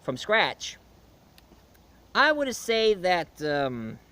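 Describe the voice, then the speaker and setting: A man's voice: sits high, wildly swooping pitch, drawn-out words, bright, forceful tone. A man giving a casual film and comic review, rambling along with many fillers and restarts.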